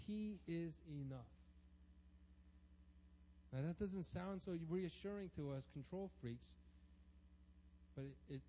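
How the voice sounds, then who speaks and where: A man's voice: on the high side, mellow, a little hiss or hum. A man preaching a sermon, emphatic and acting out the prayers and voices he quotes. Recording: dull lo-fi sound.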